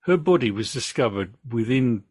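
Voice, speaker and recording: An English man hosting a podcast, reading case notes in a true crime story with relaxed asides. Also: mid-range voice, normal speed, husky, no room sound.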